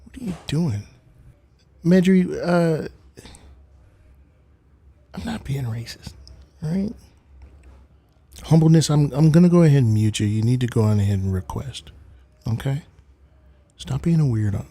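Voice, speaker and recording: Casual streamer guy, husky and mellow, slow and loose, dry close-mic sound. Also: medium pitch, no room sound. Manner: goofy, rambling, repeats bits, does mock accents. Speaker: livestream host. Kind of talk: casual livestream chat.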